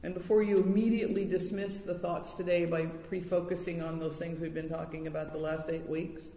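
A woman's voice: fairly low pitch, warm tone, roomy sound, in a large hall, muffled recording. A woman teaching a Bible study class for women, speaking earnestly and directly to the group.

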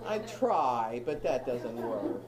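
A woman's voice: rumbling low, very animated, takes it slowly, a crowd in the background, low-quality recording. A woman in her fifties teaching a Bible study group, emphatic and repetitive, with humorous asides.

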